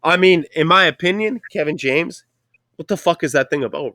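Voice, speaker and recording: A man's voice: a little high, fast talker, pushed and bright, no room sound, studio quality. A man with a Canadian accent hosting a casual chat, telling a rambling story full of profanity. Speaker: podcast host.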